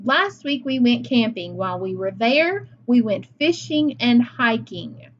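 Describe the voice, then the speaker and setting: Slow-spoken woman teaching phonics. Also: fairly high pitch, lively intonation, highs cut off. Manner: slow, deliberate, encouraging teacher talk with repeated praise. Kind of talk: phonics lesson for young children.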